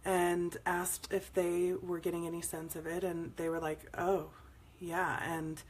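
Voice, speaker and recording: A woman's voice: fairly low pitch, level tone, a little slow, slight background noise. A woman hosting a spiritual morning show, telling meandering stories in a casual way and greeting viewers by name as she goes.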